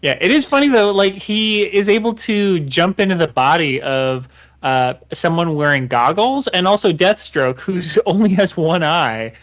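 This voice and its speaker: Man, podcast co-host, fairly high voice, wry rambling jokes. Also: expressive, a little slow. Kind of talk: casual chat.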